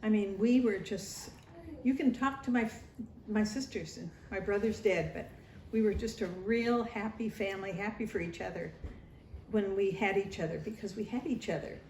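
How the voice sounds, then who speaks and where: A grandmother with a mid-range voice and moderate pace recalls her early years during a family interview, with slight background noise. She tells her memories in a warm, nostalgic way and performs the voices of family members. The recording carries a roomy echo and faint ambience.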